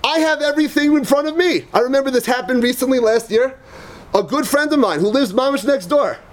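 A rabbi with a notably high voice lectures yeshiva students with emphatic, repetitive conviction. He weaves personal anecdotes into his teaching and sprinkles Hebrew and Yiddish terms through his English. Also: fairly quick. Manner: emphatic, repeats phrases, tells personal anecdotes.

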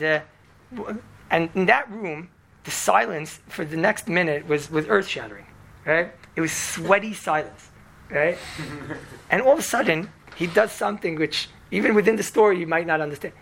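A man tells a story to an audience in an animated, chatty way, scattering Hebrew and Yiddish words and constantly asking "right?" His voice is high-pitched with vocal fry, and there's slight background noise.

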